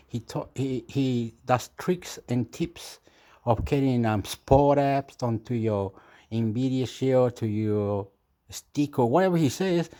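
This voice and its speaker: A YouTuber who grew up in Chile talks to camera in a casual, meandering monologue, self-deprecating and often laughing at himself. His voice is mid-range and mellow.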